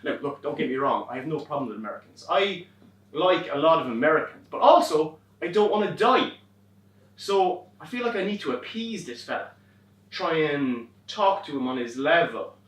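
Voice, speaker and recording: A young Irish man performing a wry comic monologue on a theatre stage, swearing and animated as he tells a story. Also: fairly high pitch, normal speed, close to an everyday voice. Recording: roomy stage from far off.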